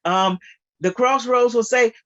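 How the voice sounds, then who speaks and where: A guest speaker giving an informal spiritual talk on a video call, animated and repetitive with frequent laughter. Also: mid-range voice, unhurried, lo-fi sound.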